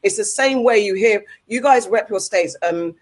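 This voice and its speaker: A woman from England with a London accent co-hosts a casual podcast, speaking at medium pitch and a moderate pace. She rants heatedly, repeating herself for emphasis.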